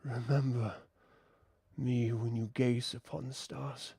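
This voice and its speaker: A man voicing a deep, breathy, fatherly swamp spirit in a whispered role-play. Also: level tone, slow pace, dark tone, dry recording, full character voice. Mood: tender.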